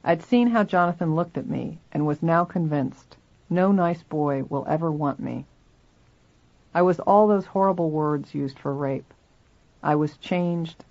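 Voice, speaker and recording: Reader narrating a memoir. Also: mid-range voice. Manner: steady first-person narration. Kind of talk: reading a memoir aloud. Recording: dull lo-fi recording.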